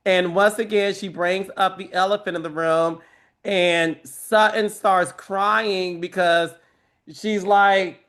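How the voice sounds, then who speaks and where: A man's voice: high-pitched, slow. A man hosting a casual recap chat, telling stories animatedly and acting out other people's lines in raised voices. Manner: animated storyteller, acts out quotes in raised voices. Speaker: podcast host.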